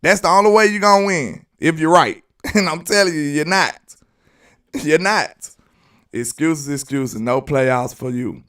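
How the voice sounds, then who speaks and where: Speaking a little slowly in a slightly bright voice on the high side, an Alabama sports host with a Southern drawl argues his case emphatically on live commentary, repeating phrases. The mic is distant.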